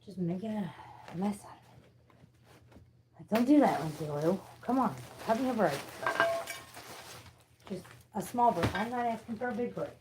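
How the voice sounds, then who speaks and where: A woman's voice: medium pitch, expressive, measured pace, pauses often, background noise. A woman rambling casually at home while doing chores, chatty and venting, swearing freely. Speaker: vlogger. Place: at home, sweeping.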